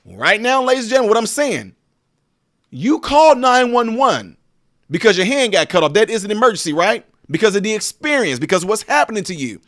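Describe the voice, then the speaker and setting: A man's voice: sits high, very animated, a little fast, fairly bright tone. A man hosting a live-stream political commentary, talking straight to his viewers in an emphatic, preachy way.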